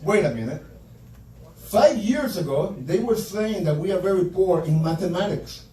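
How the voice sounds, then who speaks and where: A man's voice: high voice, expressive, normal speed, mellow. A male stand-up comedian delivering a crude, punchy comedy set full of profanity in a comedy club. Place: comedy club stage before a laughing audience. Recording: echoey club room, mic at a distance.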